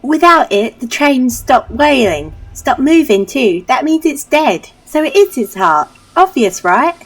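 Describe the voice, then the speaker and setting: A woman's voice: high voice, very animated, a little slow, voice pushed up, exaggerated voice. A woman voicing a cheeky young child who is stubborn and accusing in a childish, insistent way.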